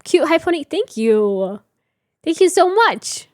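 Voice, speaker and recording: A woman in her thirties with a high voice chats casually with her viewers. She is giggly and talkative. The sound is dry and close, with no room echo. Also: sing-song, slow. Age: 30s. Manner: chatty, giggly, reads chat aloud. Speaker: livestream host. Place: home room with reading chair.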